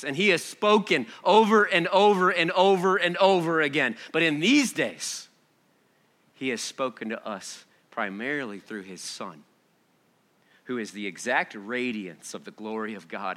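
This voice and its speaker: A man preaching a sermon, reading scripture softly and then building to loud, excited exhortation with rhetorical questions. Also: fairly high pitch, a little slow.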